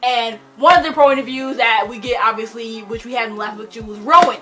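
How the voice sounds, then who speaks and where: A young adult woman rambling excitedly through a book chat, gushing and full of fillers. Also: on the high side, a little fast. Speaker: book vlogger.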